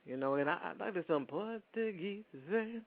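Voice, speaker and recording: Rapid-fire and full of vocal fry, this man's fairly high voice carries a rambling radio show as he addresses his listeners directly in casual talk. The audio is dry and lo-fi, like a phone line.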